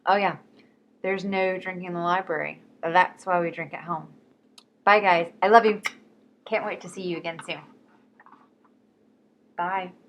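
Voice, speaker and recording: A woman talking casually and excitedly about books, quick and swearing freely. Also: lowish voice, slight background noise. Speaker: book vlogger. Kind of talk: casual chat.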